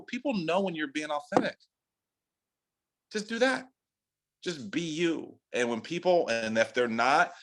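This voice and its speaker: A man from California hosts a team training call and delivers a laid-back motivational talk. He speaks loosely and profanely, full of filler slang, and his voice climbs sharply whenever he drives a point home. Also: poor audio. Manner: animated, rising pitch for emphasis. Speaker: sales team leader hosting a training call. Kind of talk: casual motivational pep talk.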